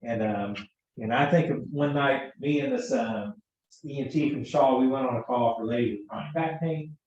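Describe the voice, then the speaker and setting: Speaking at a normal speed, this man has a medium-pitched, slightly mellow voice as he teaches emergency medical technicians. He's a chatty storyteller who performs the dialogue in his work anecdotes, captured distantly in an echoey room with dull sound.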